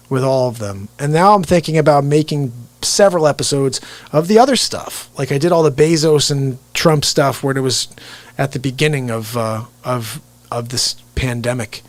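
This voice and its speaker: A man from New Jersey hosting a casual live stream as a comedian, telling rambling, animated stories. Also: medium pitch. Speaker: comedian and livestream host. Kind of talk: casual livestream chat.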